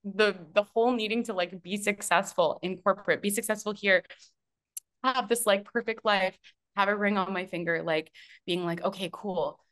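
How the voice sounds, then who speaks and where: A woman's voice: medium pitch, steady tone, moderate pace, a bit bright. A woman, a business and mindset mentor as a podcast guest, telling her story in casual conversation, chatty and full of fillers and restarts. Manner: chatty, many fillers and restarts, bursts of laughter.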